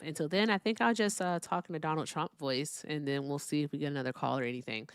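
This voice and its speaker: A woman's voice: sits low, quick pace, hardly any pauses, clean tone, no echo, clean studio sound. A woman hosting a live call-in debate stream, blunt and profane with callers, chatting casually with viewers between calls.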